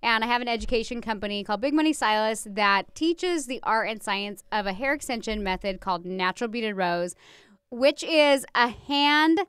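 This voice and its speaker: A woman's voice: a little high, animated, moderate pace, fairly bright tone, clear, resonant tone, no echo. A young adult woman hosting a casual podcast, a hairstylist who talks candidly, swears freely and pokes fun at herself.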